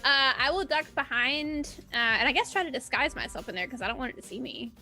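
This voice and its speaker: A woman's voice: sits high, animated, quick pace, pushed and bright, soft background music. A woman playing a tabletop role-playing game, hesitant, asking about the rules and giggling. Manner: hesitant, asks rule questions, giggles. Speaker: player. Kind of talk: tabletop role-play chat.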